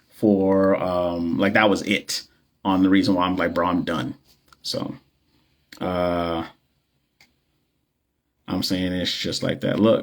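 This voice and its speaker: A man with a slightly low voice talks casually into his phone during a livestream. He is a nurse and coach who rambles in a loose, slangy way, cracking jokes and filling gaps with "like" and "you know.". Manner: loose, slangy and joking, with many fillers and repeats. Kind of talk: casual livestream chat with viewers.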